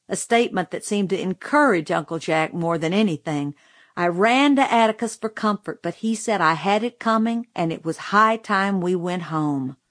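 A woman narrating a novel in the first person, in a quiet, even storytelling voice. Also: mid-range voice, no echo, clean studio sound. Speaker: audiobook narrator.

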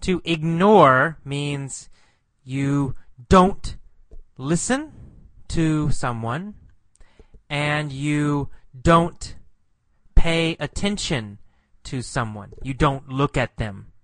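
Patient male English teacher, slow and bright, repeats every word, close and dry. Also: fairly high pitch, animated, no room sound. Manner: patient, repeats words, explains meanings.

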